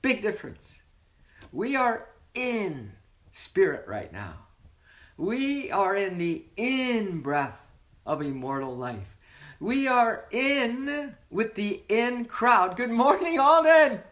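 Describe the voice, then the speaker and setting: The online sobriety meeting's leader speaks slowly in a mid-range, very animated voice, weaving stories into an inspirational talk. It rambles playfully and warmly, often repeating words.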